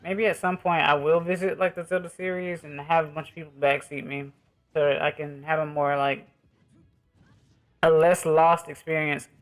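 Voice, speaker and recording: Man, game streamer, casual rambling chat with viewers, fairly high voice. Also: little pitch movement, normal speed, faint music behind. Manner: rambling and easygoing, talking to viewers. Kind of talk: casual live-stream chat while gaming.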